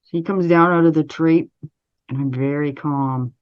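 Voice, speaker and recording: A Canadian woman, an interview guest, recounting a personal story in a measured, steady way with frequent restarts. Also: low-pitched, clear, resonant tone, muffled recording.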